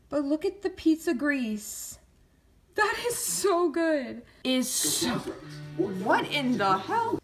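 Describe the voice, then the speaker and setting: A young K-pop fan vlogger reacts to an unboxing with giddy, exaggerated excitement, her voice on the high side. She swings from mumbling to squealing.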